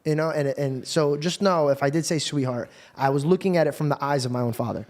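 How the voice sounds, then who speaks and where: A man's voice: on the high side, fast. A man hosting a podcast, telling stories in casual, slangy talk, earnest and often swearing. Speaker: podcast host. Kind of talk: casual storytelling chat.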